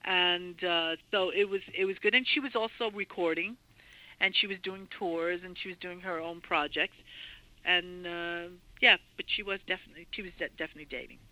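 A woman guest telling a story in an interview, excitable and full of restarts and repeated words. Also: lowish voice, fairly quick, dry recording, low-quality recording.

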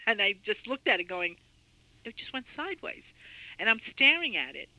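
A woman guest telling a story in an interview, excitable and full of restarts and repeated words. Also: mid-range voice, normal speed, dry recording, rough recording.

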